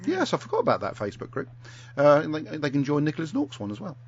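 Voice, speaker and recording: A man's voice: fairly high pitch, fast talker, breathy edge. A man hosting a podcast, jokey in casual chat and reading news items. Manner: jokey, lively. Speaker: podcast host. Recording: slightly dull audio, faint hum.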